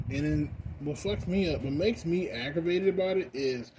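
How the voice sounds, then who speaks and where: A young American man rambling casually while high, full of fillers and swearing. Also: expressive, moderate pace. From United States. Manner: rambling, heavy on "like" fillers, profane. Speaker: vlogger. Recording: noisy background.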